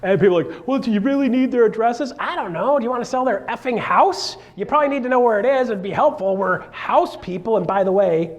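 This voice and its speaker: A high-voiced man coaching a live seminar room in a joking, animated way. He slips into quick impressions of clients and his wife as he explains his steps. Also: dull audio. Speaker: real estate coach.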